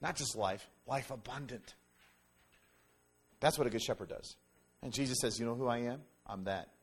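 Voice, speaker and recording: A man preaching a sermon in an animated, conversational way, with jokes and quick asides to the congregation. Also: mid-range voice, breathy edge. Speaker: pastor.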